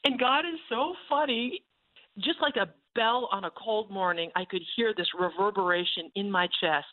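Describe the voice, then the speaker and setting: A woman telling a faith testimony with lively, animated delivery, jumping into the voices of the people she describes. Her voice sits at a middle pitch. The sound is thin and band-limited, like a phone call. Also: normal speed. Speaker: ranch ministry leader and speaker.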